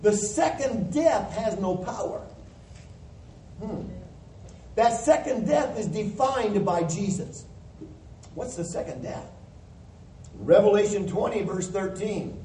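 A man with a high but mellow voice preaches a plain-spoken sermon, working through verses and acting out the voices he quotes. He sounds distant from the mic in a roomy church hall with a faint hiss behind him. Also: lively intonation, a little slow, pauses often.

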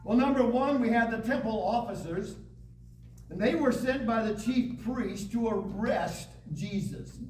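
A man teaching a Bible lesson to a class, reading scripture aloud with dramatic pauses. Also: very high-pitched, a little mellow. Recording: echoey room, distant mic, faint hiss.

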